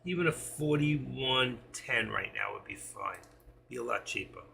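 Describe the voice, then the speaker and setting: Male streamer, very gravelly and bright-toned, reading prices aloud at a trading desk with faint noise behind. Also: medium pitch, a little slow. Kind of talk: live trading commentary.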